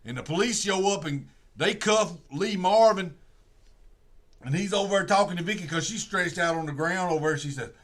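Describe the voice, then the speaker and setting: Bright-voiced man rambling through a story. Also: normal speed. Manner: rambling storytelling, acts out quotes in a low voice. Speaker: livestream host. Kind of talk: casual movie recap.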